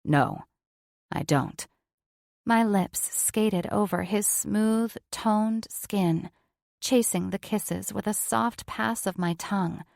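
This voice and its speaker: A woman narrating a first-person romance audiobook in a smooth, even storytelling voice on a close mic. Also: medium pitch, slow, no echo.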